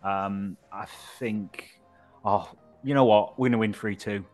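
A man's voice: on the low side, fairly even intonation, unhurried, darkish tone, faint music behind. A man co-hosting a casual football podcast who looks back on past matches in a fond, reflective way. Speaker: podcast co-host. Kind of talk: casual chat.

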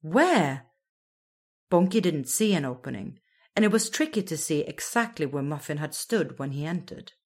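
Woman reading a kids story, low-ish voice, slow, really sing-songy. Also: animated, a little mellow. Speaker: narrator.

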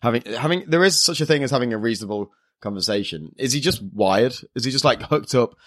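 A man's voice: mid-range voice, expressive, a bit bright, dry recording, studio quality. A man co-hosting a podcast in casual chat, laughing often and correcting himself as he goes. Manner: giggly, quick to laugh, self-correcting. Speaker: podcast co-host.

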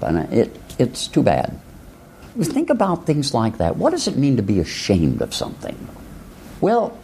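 A man from rural Illinois talks through his ideas like a professor, tossing out rhetorical questions and side remarks. His somewhat low voice is gravelly and husky. It rises and falls in a lively way. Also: a little hiss or hum. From rural Illinois, USA. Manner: musing, rhetorical questions, frequent asides. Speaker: philosophy professor. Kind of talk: reflective lecture-style talk.

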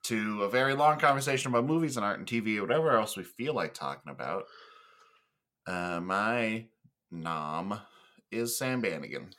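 A man's voice: on the low side, lively intonation, normal speed, fairly bright tone. A man co-hosting a movie podcast, chatting casually in a playfully exasperated way. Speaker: podcast co-host. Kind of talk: casual chat.

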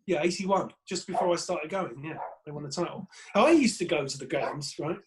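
A man with an Essex accent, a comedian telling lively stories in a casual podcast chat and acting out other people's voices. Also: a little high, moderate pace, background noise. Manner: animated storyteller, acts out other people's voices. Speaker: guest, stand-up comedian.

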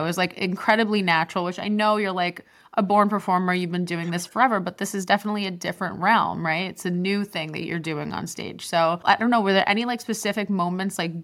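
A woman's voice: on the low side, a bit bright. A woman producer interviewing a guest, asking long, meandering questions full of "like" fillers. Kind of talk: casual conversational interview.

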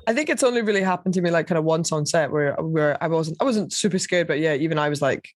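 A woman's voice: deep voice, quick pace, no echo, studio quality. A woman chatting as a podcast guest, candid and swearing freely as she acts out little quotes. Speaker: podcast guest, TV paranormal investigator. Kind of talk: casual chat.

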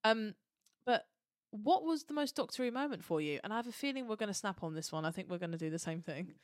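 A woman's voice: medium pitch, lively intonation, quick pace, dry recording, studio quality. A woman co-hosting a podcast in casual chat, upbeat and leading the questions. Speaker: podcast co-host.

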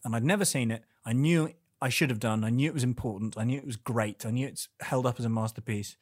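A man's voice: medium pitch, quick pace, no room sound, clean studio sound. A man hosting a casual film discussion, chatty and playful, prone to tangents.

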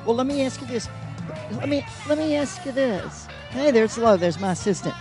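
A man's voice: very high-pitched, expressive, moderate pace, music in the background. A man co-hosting a casual live broadcast from an old theater, talking into a handheld microphone in a playful, rambling, joking way. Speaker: co-host, honorary mayor. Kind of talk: casual on-site chat. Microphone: handheld mic.

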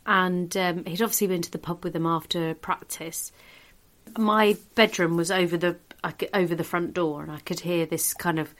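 Lady comedian telling a funny story on a podcast, laughs a lot, middle-aged. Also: lowish voice. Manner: lively storyteller, laughs through her own story. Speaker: comedian guest. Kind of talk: comic anecdote in a podcast chat.

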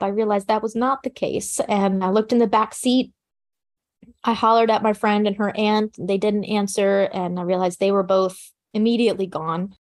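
A woman recounting a personal survival story in an interview, speaking in a calm, practical, matter-of-fact way with casual fillers. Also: mid-range voice. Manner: plain conversational fillers like "you know" and "like". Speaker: interview guest.

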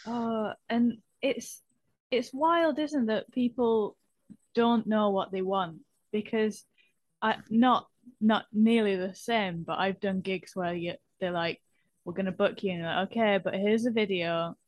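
A woman comedian in casual chat, laughing along and chiming in with quick replies. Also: medium pitch, dry recording.

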